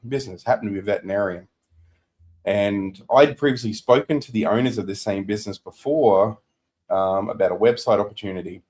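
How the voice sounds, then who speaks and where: A man's voice: lowish voice, darkish tone. A man, co-hosting a business podcast, telling a client story in casual chat and acting out what people said.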